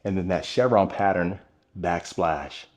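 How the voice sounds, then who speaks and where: Man, lowish voice, upbeat home tour host talking straight to viewers while filming on the move. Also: unhurried. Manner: upbeat, enthusiastic, addresses viewers directly. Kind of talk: narrated home tour vlog.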